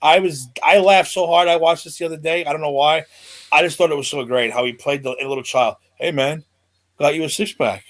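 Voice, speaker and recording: A man hosting a casual podcast chat, retelling scenes with lively energy, acting out the lines he quotes and laughing often. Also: fairly high pitch, quick pace. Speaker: podcast host.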